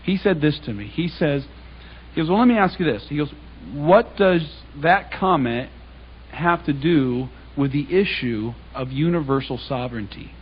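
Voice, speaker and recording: A man with a slightly high, expressive voice gives an anecdotal sermon at a moderate pace. In this public Bible talk he tells stories conversationally and quotes others as he acts out the dialogue. The recording is dull and lo-fi, with a bit of hiss or hum.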